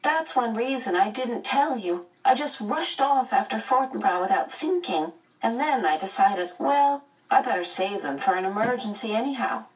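A woman's voice: on the high side, expressive, normal speed, hardly any pauses, far from the mic, voice pushed up, natural voice, rough recording. A woman voicing a precocious small boy who talks in an earnest, matter-of-fact way.

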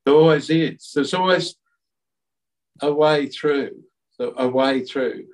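A man being interviewed, talking in an earnest, reflective way with halting restarts. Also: fairly high pitch, far from the mic, rough recording. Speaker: interview guest. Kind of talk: reflective conversational storytelling.

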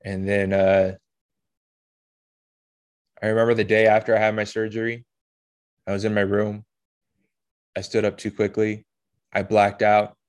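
A man hosting a podcast, telling a personal story in an emotional, halting way with blunt swearing. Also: on the low side, flat delivery, clean tone. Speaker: podcast host.

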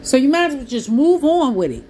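A woman's voice: sits high, big pitch swings, brisk, warm tone, slight background noise. Earnest pleading woman preaching, AAVE speech. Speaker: Christian preacher. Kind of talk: preaching to listeners.

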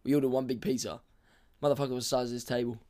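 A man's voice: mid-range voice, level tone, rapid-fire, warm tone. A young man in a casual, playful chat, swearing and laughing often.

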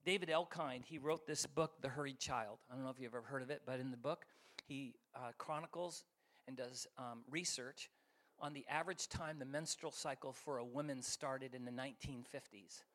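A middle-aged man preaching a sermon as guest speaker, telling stories with lively acted-out voices and sudden shifts between loud and soft. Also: medium pitch, normal speed. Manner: animated, acts out voices, jumps between loud and quiet. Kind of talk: sermon with storytelling.

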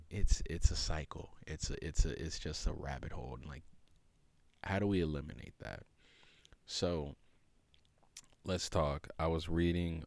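A man's voice: a bass voice, darkish tone, no room sound. A man hosting a podcast alone, talking in a loose, reflective way, with many fillers and restarts. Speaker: podcast host. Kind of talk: casual reflective monologue.

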